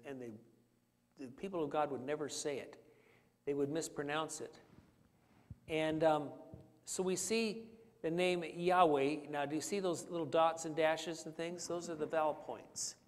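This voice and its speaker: A man preaching a conversational Bible study, teaching with fillers and questions to the congregation. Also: a little high. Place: church sanctuary. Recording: church hall reverb.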